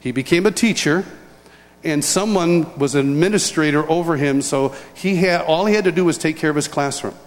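An older man from upstate New York, preaching a sermon as a lively personal story with chuckles and restarts. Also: a little high, fairly quick. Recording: long hall reverb.

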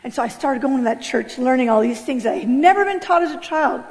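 Animated woman telling her testimony. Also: high voice, fast talker. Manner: animated, acts out voices. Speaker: speaker giving a testimony. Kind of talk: personal testimony. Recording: long hall reverb.

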